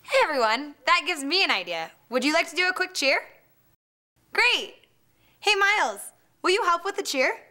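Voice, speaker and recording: Brief: peppy cheerleader woman, high bright voice, cheering students on. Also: sing-song, moderate pace.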